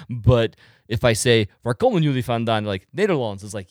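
A man hosting a casual interview, telling stories with lively energy and frequent laughter. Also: medium pitch, brisk, dry recording, studio quality. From United States. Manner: animated storytelling, laughs often. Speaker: podcast host.

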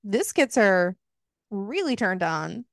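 A woman's voice: mid-range voice, sing-song, slow, no echo, studio quality. A woman hosting a book club podcast, recapping a novel in casual, frank and profane chat, laughing often.

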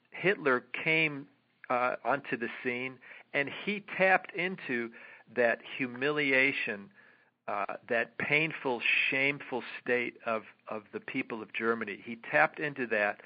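Hesitant man explaining, lo-fi sound. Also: mid-range voice. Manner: hesitant, many fillers and restarts. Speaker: guest author. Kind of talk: explaining at length in an interview. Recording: dull lo-fi audio.

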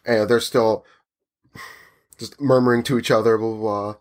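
A man's voice: on the low side, normal speed, pauses often. A man telling a story in casual chat, acting out the people he talks about. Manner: animated, acts out the people in his story.

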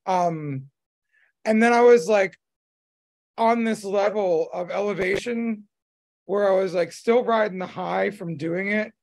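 Gravelly-voiced man rambling casually. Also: high voice, unhurried, a little mellow. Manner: rambling, full of fillers and restarts. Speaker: podcast host. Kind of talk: casual chat.

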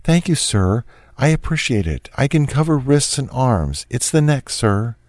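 A man's voice: medium pitch, sing-song, measured pace, a little mellow, no echo, studio quality, pitched above the performer's own voice. A man voicing a frightened, submissive young woman with a timid, pleading, apologetic manner, in a read-aloud true crime story.

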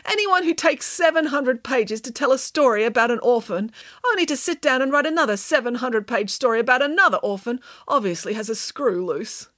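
A woman's voice: fairly high pitch, expressive, a little fast, fairly bright tone, no echo, studio quality, voice pushed up. A woman voicing a gloomy, mournful male sibling who grumbles sadly. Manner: sad, grumbling.

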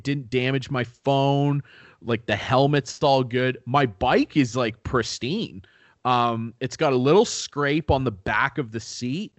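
A man's voice: mid-range voice, no echo. A young man telling a story in casual chat, laid-back, swearing often and laughing at himself.

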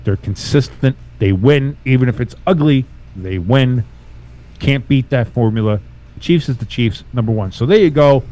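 Profane, animated man talking football. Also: mid-range voice, moderate pace. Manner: loose, profane, animated banter. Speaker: podcast host. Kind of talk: casual sports chat.

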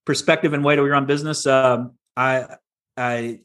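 A man's voice: mid-range voice, steady tone, moderate pace, fairly bright tone, smooth. A middle-aged man from Texas, a podcast guest telling his story in a candid, casual way with frequent restarts. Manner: candid, many restarts and repeats.

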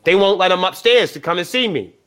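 Profane high-voiced man telling stories. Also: fast, smooth. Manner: profane, animated storyteller acting out dialogue. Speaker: band member guest. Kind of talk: casual storytelling. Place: live podcast interview.

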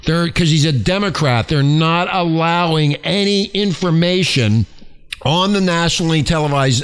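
A man hosting a talk show, ranting angrily and shouting with lots of profanity. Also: a little high, moderate pace, clean tone.

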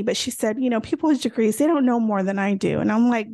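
Speaking at a moderate pace in a voice on the high side, a woman co-hosts a podcast, casually chatting and storytelling with many fillers. The studio-quality recording is dry.

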